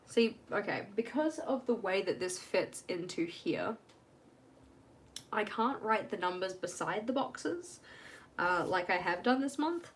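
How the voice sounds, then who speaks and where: A woman's voice: mid-range voice, expressive, unhurried, slight background noise. A young woman chatting casually on a live stream from home while she works on her journal, rambling and laughing at herself.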